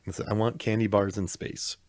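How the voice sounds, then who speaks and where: A man's voice: fairly low pitch, flat delivery, fairly quick, a little mellow, no room sound, clean studio sound. A man co-hosting a podcast, chatting casually and joking, acting out silly lines. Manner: joking, acts out goofy movie lines. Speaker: podcast co-host. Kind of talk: casual chat.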